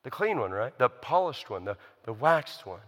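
A man's voice: medium pitch, sing-song, normal speed, a bit bright, in a large hall. A man preaching a sermon in a conversational, emphatic way, asking the listeners rhetorical questions. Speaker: pastor.

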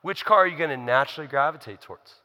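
A man's voice: on the high side, racing, pushed and bright, big-room sound. A man preaching a sermon in a conversational, emphatic way, asking the listeners rhetorical questions. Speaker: pastor.

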